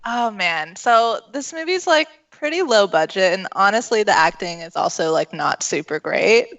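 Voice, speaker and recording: A woman's voice: mid-range voice, animated, moderate pace, fairly bright tone, lo-fi sound. A woman co-hosting a casual live-streamed movie chat, breezy and chatty, often laughing. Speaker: co-host.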